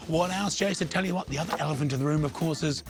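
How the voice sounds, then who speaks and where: A man with a New Zealand accent co-hosting a comedy show, delivering laconic, mumbled deadpan asides. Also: a little high, fast talker, music in the background.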